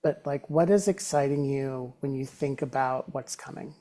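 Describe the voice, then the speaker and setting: A woman's voice: rumbling low, normal speed, warm tone. A woman hosting a podcast, asking encouraging questions. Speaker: podcast host. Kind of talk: casual interview conversation.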